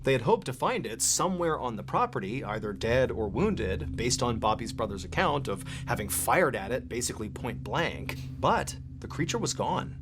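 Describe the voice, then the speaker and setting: A man narrating a scripted story with suspense, slowing down and dropping low at tense moments. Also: sing-song, over music. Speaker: storyteller in a played video.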